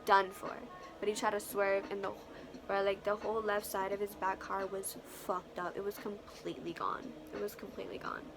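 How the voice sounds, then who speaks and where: A young woman vlogger telling a story casually, animated and profane, full of slang and acted-out quotes. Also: medium pitch, moderate pace, over music.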